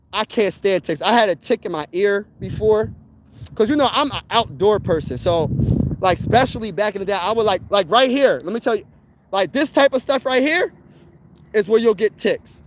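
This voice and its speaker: A young man hosting a sports channel, chatting casually on a livestream while walking a trail outdoors, slangy and animated. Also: high voice, slight background noise.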